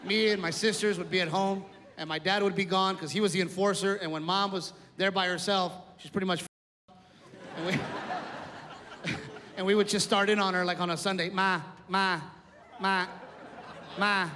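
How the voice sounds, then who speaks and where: Male stand-up comic, high voice, long hall reverb, loud crowd noise. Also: steady tone, fairly quick. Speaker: stand-up comedian. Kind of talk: stand-up comedy.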